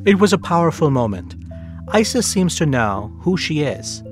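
A man hosting a radio feature, narrating a guest's story in a measured way and asking her questions. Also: fairly high pitch, very animated, music in the background. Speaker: radio show host and interviewer. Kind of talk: scripted narration with interview questions.

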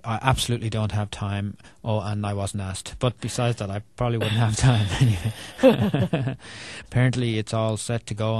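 An Irish man, a children's author, chatting in an interview, self-deprecating and quick to laugh. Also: lowish voice, a little mellow, dry recording. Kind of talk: casual interview chat.

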